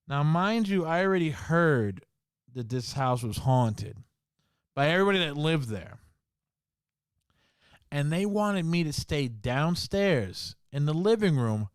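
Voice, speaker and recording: A man hosting a podcast, telling a ghost story in casual talk full of swearing and slang, dropping to a hush in the scary parts. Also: a little high, moderate pace, clear, resonant tone, no echo, studio quality. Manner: swearing, slangy, full of "bro" and "you know"; drops to a hushed voice in the scary parts. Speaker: podcast host.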